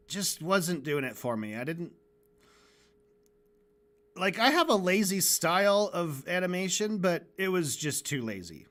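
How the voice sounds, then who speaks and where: A man's voice: high voice, fairly bright tone. Rambling, joking man on a livestream. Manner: rambling, joking, swears casually. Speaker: animator and livestream host. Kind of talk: casual livestream chat while working.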